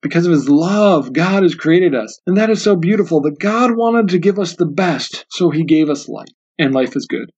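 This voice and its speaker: A man's voice: a little high, expressive, normal speed, hardly any pauses, darkish tone, breathy edge. A man hosting a book discussion podcast, talking earnestly and often repeating himself as he thinks aloud. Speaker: podcast host. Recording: dull lo-fi sound.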